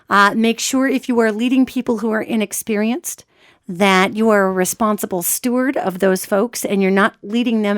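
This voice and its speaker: A woman hosting a podcast, giving lively, chatty advice in a casual instructive way. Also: medium pitch, no echo, studio quality. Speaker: podcast host.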